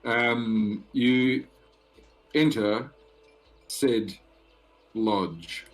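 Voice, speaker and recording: A man narrating as game master for a tabletop game, halting with many fillers and pauses. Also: medium pitch.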